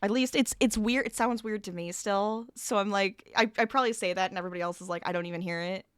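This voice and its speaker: Talking fast in a medium-pitched, fairly bright voice, a streamer hosts a casual crafting livestream and chats with viewers while she works. She reads the chat aloud and laughs often, her voice a little scratchy as she recovers from being sick. The sound is dry and close to the mic, with no echo.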